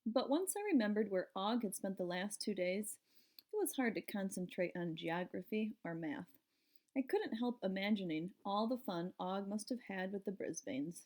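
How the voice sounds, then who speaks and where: A woman's voice: medium pitch, a little mellow. A woman reading a children's storybook aloud, narrating expressively in first person. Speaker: audiobook reader.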